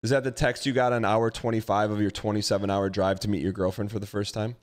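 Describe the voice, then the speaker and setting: A man live-streaming a video game, chatting casually and teasing his chat with quick comebacks. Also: on the low side, level tone. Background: game music.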